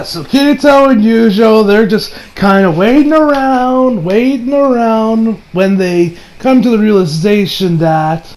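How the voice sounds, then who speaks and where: A young man giving a casual anime review, excitable and profane, often acting out his own shocked reactions. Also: high voice, poor audio. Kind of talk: casual video review rant.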